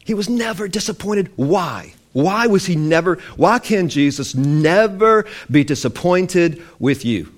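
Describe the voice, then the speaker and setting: A man preaching, emphatic and animated, quoting scripture as he teaches. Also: high voice, a little slow, few pauses. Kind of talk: sermon-style teaching.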